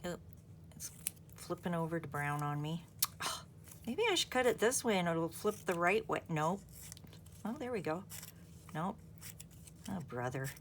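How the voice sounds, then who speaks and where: A woman's voice: fairly low pitch, lively intonation, measured pace, long pauses, a little hiss or hum. A woman hosting a craft video, chatting in a rambling way and thinking aloud as she works. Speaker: craft channel host. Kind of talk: casual chat while crafting.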